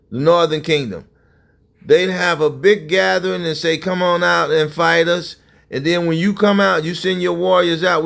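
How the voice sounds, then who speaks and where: Forceful, fiery preaching man. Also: on the high side, vocal fry. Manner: confrontational, often shouting. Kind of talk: fiery religious commentary.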